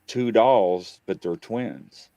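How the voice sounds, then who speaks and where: A man casually telling a story on a talk show, acting out the dialogue and jumping high in pitch when he gets excited. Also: extremely slow, gravelly, dry recording. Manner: animated, acts out quoted dialogue, voice jumps high when excited. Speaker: guest on a paranormal talk show.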